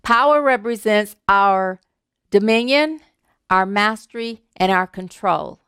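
Woman pastor preaching, smooth clear voice, animated, laughs a lot, dry close sound. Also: medium pitch, slow, no room sound. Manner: warm, animated, laughs easily, repeats words. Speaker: minister. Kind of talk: sermon with a humorous story.

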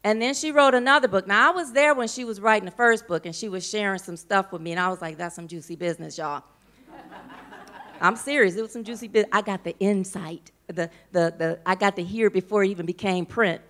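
An American woman minister introduces a guest with feeling, mixing heartfelt praise and casual asides. Her voice is smooth and clear, pitched in a middle range. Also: brisk. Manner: warm, emotional and informal, with playful asides. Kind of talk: church introduction. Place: church.

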